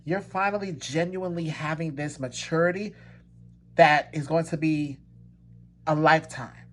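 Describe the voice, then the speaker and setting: A tarot reader offers his viewers a pick-a-card reading, emphatically repeating points to reassure them and breaking into laughter and exclamations. His voice is a little high and fairly bright, at normal speed.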